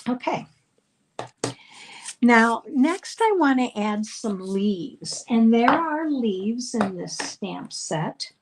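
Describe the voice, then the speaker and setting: A woman's voice: fairly high pitch, expressive, very slow, background noise. A middle-aged woman leading a live card-making class, explaining each step in a chatty way with frequent ums. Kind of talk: live crafting class demonstration.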